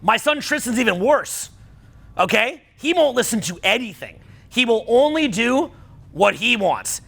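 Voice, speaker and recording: A middle-aged dating and social skills coach addresses a live seminar audience, blunt and profane, sometimes building to heated outbursts. His voice is high, gravelly, and sharp.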